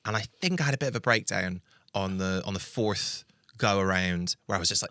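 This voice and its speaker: A man in his thirties chats as a podcast guest, telling his stories with quick, wry, self-deprecating humour. His voice is on the low side but bright and forward. The sound is close and dry. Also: no echo. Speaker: podcast guest, quiz writer. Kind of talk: casual chat.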